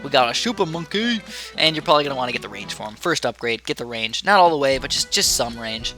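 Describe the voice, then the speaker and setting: A man's voice: mid-range voice, big pitch swings, quick pace, bright, forceful tone, soft background music. A young man giving casual, chatty commentary over his strategy game, wandering into rambling asides. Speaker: gaming YouTuber.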